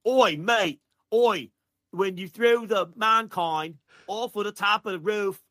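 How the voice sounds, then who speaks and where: A man putting on an exaggerated, brash Australian bloke who keeps shouting "oi" and "mate". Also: high voice, dry recording, clean studio sound, pitched above the performer's own voice, heavily acted. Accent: mock Australian. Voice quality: bellowing, drawn-out "oi"s.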